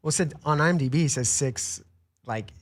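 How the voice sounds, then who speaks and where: A man hosting a podcast interview, supportive, often summing up what his guest says. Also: fairly high pitch. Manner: supportive, quick to back-channel and sum up. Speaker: podcast host. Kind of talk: casual interview chat.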